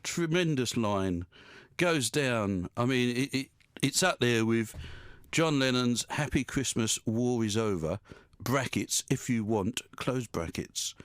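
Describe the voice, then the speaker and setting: A male radio presenter chats loosely in the studio, wandering from one joke to the next and chuckling at his own lines. His voice sits at an ordinary middle pitch. The sound is dry and close, with no room echo. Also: expressive, takes it slowly, hardly any pauses. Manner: rambling and jokey, laughs at his own quips. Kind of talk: casual studio chat.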